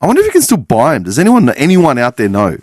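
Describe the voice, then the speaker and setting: A man's voice: medium pitch, wildly swooping pitch, quick pace, a little mellow, no room sound, clean studio sound. A man in his forties hosting a podcast, talking in a casual, meandering monologue full of swearing and self-corrections. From Australia. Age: 40s. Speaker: podcast host.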